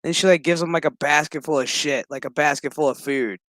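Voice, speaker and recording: A man riffs through a TV episode recap in a loose, foul-mouthed, joking way. His voice sits a little high for a man. The sound is close and dry, with no room echo. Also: a little fast. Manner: profane, joking, animated storytelling. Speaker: show recap host.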